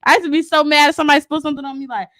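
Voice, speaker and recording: A young woman co-hosting a podcast, telling animated stories, acting out quotes and laughing often. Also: sits high, rapid-fire, a crowd in the background. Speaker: podcast co-host. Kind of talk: casual chat.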